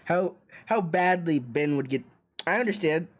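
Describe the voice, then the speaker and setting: A male streamer reacting excitedly while reading a story game aloud, swearing often and raising his voice. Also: fairly high pitch, moderate pace. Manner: excitable, swearing, loud outbursts.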